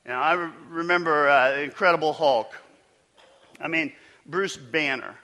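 Bright-voiced man preaching a casual sermon. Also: a little high, measured pace. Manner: conversational, engages congregation with questions. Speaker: pastor.

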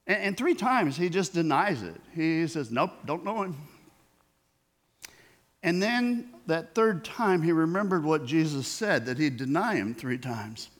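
A man's voice: a little high, lively intonation, unhurried, few pauses. Guy preaching, chatty, slips into voices for the quotes, takes his time. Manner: conversational preaching, acting out quoted dialogue. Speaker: pastor. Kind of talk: sermon.

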